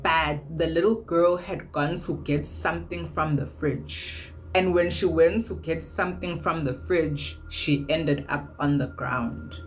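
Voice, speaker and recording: A woman's voice: low voice, a little slow, few pauses, slight background noise, rough recording. A woman casually narrating a true crime case as a storyteller, retelling events in plain, conversational words.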